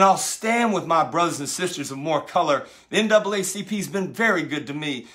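Impassioned middle-aged man, speaking higher. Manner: preacher-like, repeats phrases, swings from loud to hushed. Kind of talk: impassioned motivational talk.

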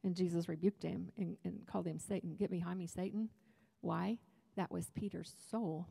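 A woman's voice: on the low side, fairly even intonation, normal speed, gravelly, mellow, husky, long reverb tail. A woman preaching at a women's retreat, talking to the crowd in a loose, joking way. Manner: conversational, humorous preaching with asides. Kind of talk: sermon. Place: church hall.

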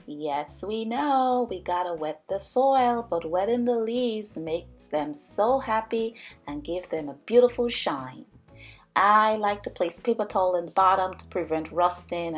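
A woman narrating a home plant vlog in a cheerful, chatty, enthusiastic way. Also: fairly low pitch. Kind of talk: casual voice-over vlog narration.

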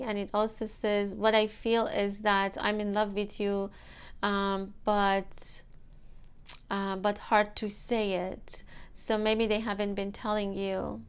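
Woman doing a tarot reading, smooth clear voice, pretty flat delivery, lots of ums. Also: mid-range voice, a little slow. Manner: gentle, emotional, many fillers. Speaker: tarot reader.

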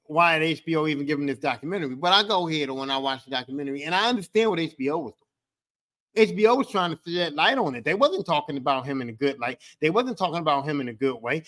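A man's voice: on the high side, expressive, fast talker, fairly bright tone. A man hosting a podcast alone, ranting in a heated, profane, repetitive way. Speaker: podcast host. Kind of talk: angry solo podcast rant.

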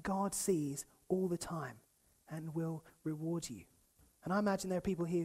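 A young man preaching a sermon in a church, in a lively, conversational way that acts out the people he quotes and chuckles often. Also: fairly high pitch, moderate pace. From United Kingdom.

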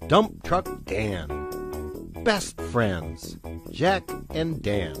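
Slow, lively man reading a picture book. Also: on the low side, soft background music. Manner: slow, expressive read-aloud. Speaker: author reading his book. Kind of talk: children's storytime reading.

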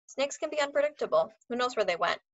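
A man's voice: very high voice, animated, fast, a bit bright, lo-fi sound, pitched above the performer's own voice, exaggerated voice. A woman voicing a shrugging, matter-of-fact reptile wrangler in a storybook reading. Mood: offhand. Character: unbothered reptile wrangler man.

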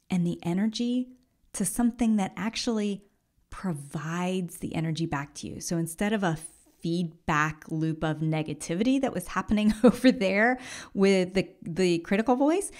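Woman, podcast host, gentle and encouraging, slipping into whispers, lowish pitch, gravelly edge. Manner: gentle, encouraging, often drops to a soft whisper. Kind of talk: reflective solo podcast talk.

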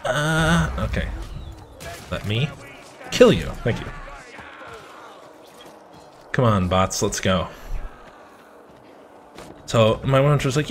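A man playing a video game and commenting as he plays, swearing and shouting at the game, then rambling through a story. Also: mid-range voice, slow pace, pauses often, a little hiss or hum. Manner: profane, excitable outbursts at the game; chatty, rambling anecdotes. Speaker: gamer.

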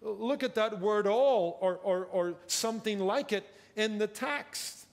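A man with a high, slow voice preaches a sermon as a pastor, stressing and stretching out key words for effect. It was recorded in a church sanctuary, and the hall carries a long reverb.

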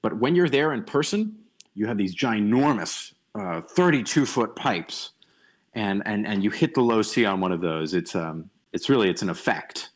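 Young man, lower pitch, relaxed online lecturer; halting, restarts often, opinionated. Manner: thinking aloud, many restarts and ums, opinionated asides. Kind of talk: casual online lecture over voice chat. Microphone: computer mic on a voice call.

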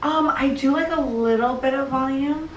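A woman with a raspy, husky voice chats in an upbeat, casual way while her hair is done. She often leaves sentences unfinished. The sound is roomy and picked up from a distance, with noise behind. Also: sits high, normal speed, dull audio. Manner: chatty, upbeat, trailing off mid-sentence. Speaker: bride-to-be getting her hair styled. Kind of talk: casual chat. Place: indoors at a rental home. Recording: echoey room, distant mic, background noise.

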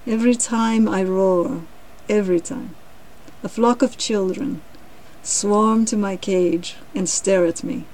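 Woman doing a worn-out lion in a kids' story, slow loud grumbling, soft warm voice. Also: medium pitch, close to an everyday voice, low-quality recording. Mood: weary. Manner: loud, slow, drawn-out complaining. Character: weary, put-upon male zoo lion.

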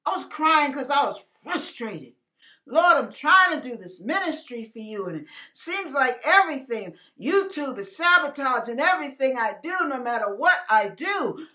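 Bright high-voiced woman preaching slowly. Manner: reads scripture slowly, then preaches with rising emotion; personal, confiding talk about her struggles. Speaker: pastor. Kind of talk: sermon with scripture reading.

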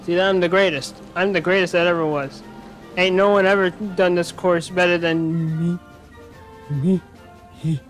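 A man giving let's-play commentary on a video game, with an animated, self-mocking and joking manner. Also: sits high, measured pace. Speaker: gaming commentator. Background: faint game music.

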